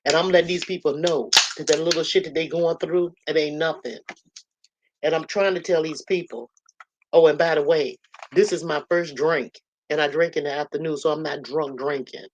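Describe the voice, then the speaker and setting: A woman's voice: sits low, fairly even intonation, normal speed, a little mellow, highs cut off. Woman, livestream host, blunt, earthy, storytelling, casual talk from a home room. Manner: blunt, earthy, storytelling with lots of "you know" and "y'all". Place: her own room at home.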